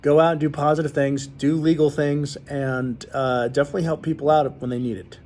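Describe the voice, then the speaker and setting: A man's voice: on the high side, fairly even intonation, brisk, a little mellow. A man hosting his own show, ranting bluntly and rambling to his viewers with many restarts. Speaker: show host. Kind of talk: casual rant to viewers.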